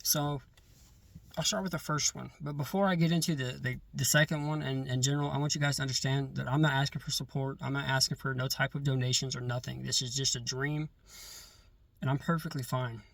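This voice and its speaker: A man recounts a dream in loose, everyday storytelling, often restarting and doubling up his words. His pitch sits in an ordinary middle range. The recording is close and dry, with almost no room sound. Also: vocal fry, dry recording. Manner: halting, repeats words and restarts when excited. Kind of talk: casual spoken storytelling.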